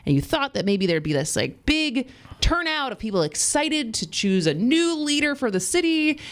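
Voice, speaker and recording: A woman hosting a radio talk show, chatting in a quick, animated way with her guest. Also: sits high. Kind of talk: casual radio interview.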